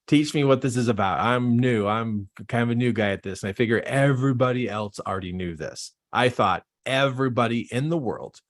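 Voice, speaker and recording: Man, self-help coach, personal storytelling, casual, expressive swooping pitch, acts out amazed reactions. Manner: animated, acts out his own astonished reactions; casual, says "like" and "man" often.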